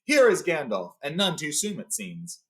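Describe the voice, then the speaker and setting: A man's voice: fairly high pitch, huge pitch swings, moderate pace, pitched above the performer's own voice. A man voicing a stern, commanding old male wizard in a story reading.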